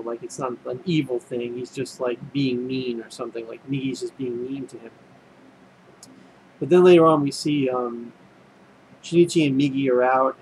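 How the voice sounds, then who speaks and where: Guy rambling thru an anime recap, lots of ums and likes, middle pitch. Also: a little hiss or hum, rough recording. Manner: rambling, full of fillers and restarts. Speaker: anime reviewer. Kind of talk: casual spoken recap.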